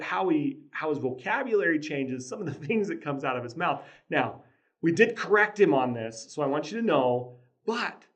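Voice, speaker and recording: A man hosting a casual motivational talk on parenting, telling a family story in an earnest way with chuckles and frequent restarts. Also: on the high side. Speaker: podcast host, father.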